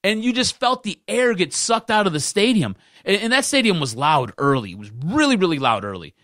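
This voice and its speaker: Animated, fired-up sports podcast host. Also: male voice, sits high, brisk, dry recording, clean studio sound. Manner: ranting, exasperated, repeats himself for emphasis. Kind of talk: casual sports talk.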